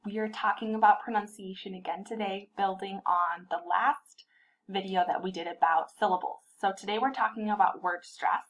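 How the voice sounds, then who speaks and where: A woman's voice: medium pitch, rough recording. Patient woman giving a tutoring tip. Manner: clear, patient teacher modeling word stress slowly. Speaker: literacy tutor trainer.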